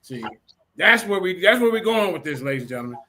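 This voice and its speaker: A man hosting a heated online debate show, talking like a preacher and addressing "ladies and gentlemen". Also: high-pitched, sing-song, fast, slight background noise. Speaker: show host.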